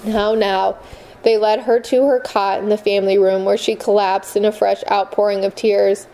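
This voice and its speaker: Mellow woman reading an audiobook. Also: medium pitch, low-quality recording. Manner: measured, expressive storytelling. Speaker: audiobook narrator. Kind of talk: scripted narration.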